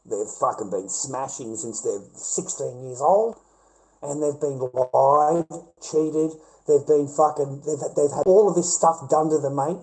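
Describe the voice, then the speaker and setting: A man's voice: fairly high pitch, warm tone, poor audio. A middle-aged man with an Australian accent, telling a rambling, repetitive, profane story to camera. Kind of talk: casual rant to camera.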